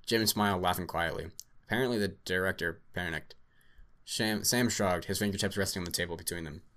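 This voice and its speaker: A man's voice: low voice, brisk, a bit bright. A man hosting a podcast, reading a story aloud and chatting casually, swearing and laughing easily. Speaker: podcast host.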